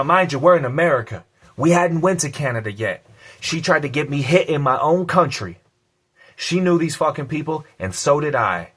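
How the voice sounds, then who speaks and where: A man's voice: mid-range voice, fairly bright tone. A man telling a personal story on his vlog, blunt and a little profane, repeating key lines for emphasis. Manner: blunt and profane, casual slang.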